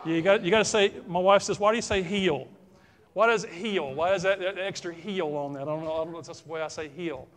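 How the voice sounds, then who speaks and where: A middle-aged pastor from South Carolina with a Southern US accent speaks fast and high with few pauses. He preaches a folksy sermon, talking straight to his congregation.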